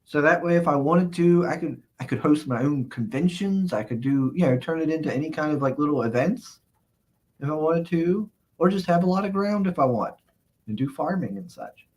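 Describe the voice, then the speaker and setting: Chatty man, slightly high voice. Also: lively intonation, moderate pace, a little mellow, slightly rough. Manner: rambling, chuckling, lots of "uh, let's see" fillers. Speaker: streamer host reading chat. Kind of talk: casual live-stream chat.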